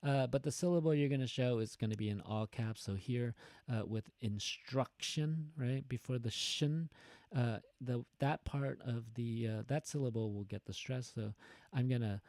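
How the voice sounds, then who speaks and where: A man's voice: mid-range voice, normal speed, darkish tone, no room sound. A man teaching a class, explaining an assignment in a casual, rambling way, often correcting himself mid-sentence. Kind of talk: recorded assignment instructions.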